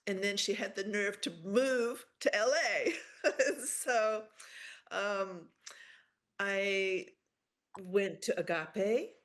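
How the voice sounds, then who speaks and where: A middle-aged woman shares a heartfelt remembrance over a video call. She speaks slowly and haltingly, with many pauses and fillers. Her pitch sits mid-range. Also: a bit bright. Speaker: memorial speaker.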